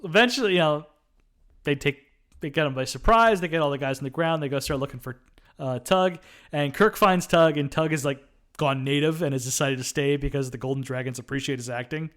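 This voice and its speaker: A man's voice: a little high, fairly quick, fairly bright tone. A man co-hosting a film review podcast, casually retelling movie scenes with lots of "uh" and "um". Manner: retells scenes with frequent fillers. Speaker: podcast co-host.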